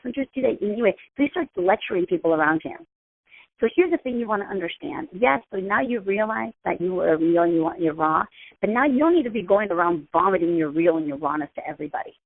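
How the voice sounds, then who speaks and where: A woman's voice: on the low side, lively intonation, quick pace. Casual woman host on a phone line. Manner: casual, chatty, repeats herself. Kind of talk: motivational talk. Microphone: phone call. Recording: tinny phone-line sound.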